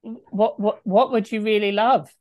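A woman's voice: mid-range voice, fairly even intonation, a little slow, lo-fi sound. A woman on a group video call asking earnest, probing questions and repeating words for emphasis. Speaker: coaching group member.

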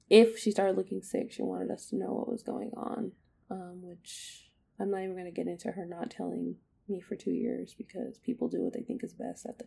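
A woman's voice: lowish voice, creaky, dark tone, husky. A young woman telling a personal story on a podcast, candid and emotional, with many fillers and hesitations. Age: young adult.

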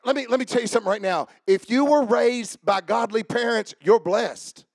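A man preaching a sermon as pastor, shifting between shouted, rhythmic runs and a lower conversational tone, with jokes for the congregation. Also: normal speed, no room sound. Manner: joking with the congregation.

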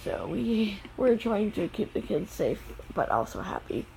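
A woman filming her children playing outside in the snow, narrating casually and calling out gentle, firm warnings to the kids. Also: mid-range voice, sing-song, unhurried, vocal fry, a little hiss or hum, poor audio. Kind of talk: casual family vlog. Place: outdoors in the snow.

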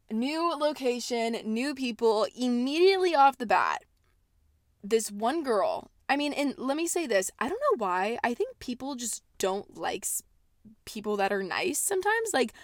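An eighteen-year-old woman hosting a podcast from home, telling stories in a bubbly, animated way and swearing constantly. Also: a little high, no room sound, clean studio sound. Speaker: podcast host. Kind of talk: casual podcast storytelling rant. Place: at home, indoors.

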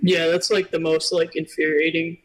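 A man's voice: on the high side, level tone, moderate pace, fairly bright tone, poor audio. A young man in casual chat, speaking hesitantly and unhurriedly, with many fillers.

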